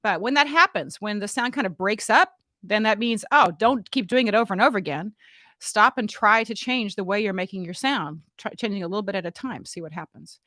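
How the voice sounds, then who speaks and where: A woman voice teacher giving a casual, playful vocal warm-up demonstration in a room at home, talking into a studio mic. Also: mid-range voice, fairly quick, no echo. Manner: chatty, playful and relaxed, often asks "right?". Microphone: studio mic, monitored on headphones.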